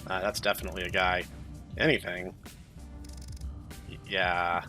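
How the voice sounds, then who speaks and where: A man hosting a game let's play, making wry deadpan asides as he plays. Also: sits low, measured pace, faint music behind. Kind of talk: casual gameplay commentary.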